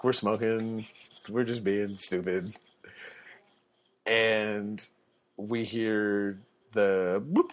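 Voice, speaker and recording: A young man telling personal stories casually on a podcast, animated, often laughing and acting out the people in them. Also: fairly low pitch. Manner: animated, laughs through his stories, acts out quotes. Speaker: podcast guest storyteller. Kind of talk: casual storytelling. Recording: dull lo-fi podcast audio.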